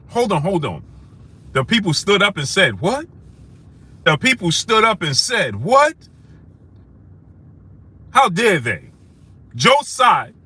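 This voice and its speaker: A man hosting a live stream, shouting out viewers by name and repeating phrases for emphasis as he rises to heated outrage. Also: medium pitch.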